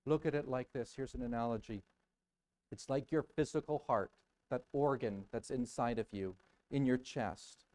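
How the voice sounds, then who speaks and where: A man preaching a sermon as pastor in a church, dramatic and emphatic, repeating words for weight and swinging from hushed murmurs to loud outbursts. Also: mid-range voice, normal speed, rough recording. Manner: emphatic repetition. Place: church sanctuary.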